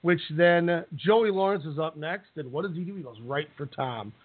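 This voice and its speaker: A man's voice: on the high side, normal speed. A man co-hosting a podcast, recapping a reality show in a joking, rambling way. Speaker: podcast co-host. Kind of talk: casual recap chat. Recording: tinny phone-like sound.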